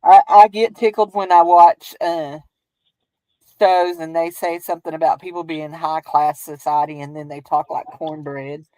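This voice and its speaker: A woman's voice: deep voice, fairly even intonation, moderate pace, dark tone, no room sound, low-quality recording. A woman with a Southern US accent who hosts a crafting stream, chatting casually in a rambling, folksy way and laughing often. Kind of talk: casual chat while crafting.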